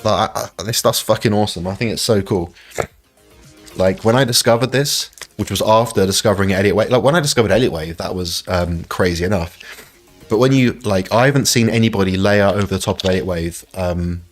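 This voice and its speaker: Excitable man walking through charts. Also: lowish voice, brisk. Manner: excitable, repeats 'look', laughs often. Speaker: trading stream host. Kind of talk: live-streamed chart walkthrough. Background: faint backing music.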